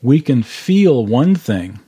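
Guy with a warm relaxed voice walking a bible class thru the verses, earnest, says things twice. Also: mid-range voice, slow pace, breathy edge. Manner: earnest, explains verse by verse with repetition. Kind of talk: Bible study teaching. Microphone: video call.

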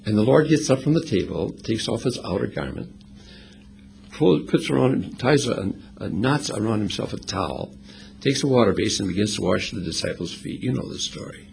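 A male pastor delivers an expository sermon, his gravelly voice rising and falling with animated emphasis. He explains scripture at a conversational pace. A faint hiss of noise sits under the recording. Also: fairly low pitch, normal speed.

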